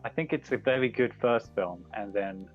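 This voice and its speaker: A man co-hosting a podcast, relaxed, wry and a little hesitant. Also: on the low side, moderate pace, phone-quality sound, faint music behind. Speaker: podcast co-host. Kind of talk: casual chat.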